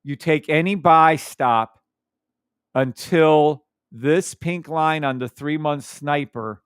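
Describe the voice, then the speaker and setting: A man hosts a live trading stream, hyped and teasing as he talks charts with his viewers and hums between calls. His voice sits a little high and sounds smooth and resonant. The sound is dry and close. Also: takes it slowly, no echo.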